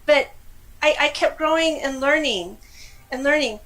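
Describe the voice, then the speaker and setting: A middle-aged woman from California with a high voice tells her own story in an interview. She talks in a lively, animated way, with frequent laughs and exclamations. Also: a little slow, rough recording. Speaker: guest. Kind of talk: casual personal storytelling.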